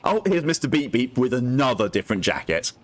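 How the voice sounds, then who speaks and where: A man's voice: mid-range voice, sing-song, fairly quick. A man streaming a game, chatting casually and telling corny jokes. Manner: jokey, chatty, laughs at his own puns. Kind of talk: casual gameplay commentary.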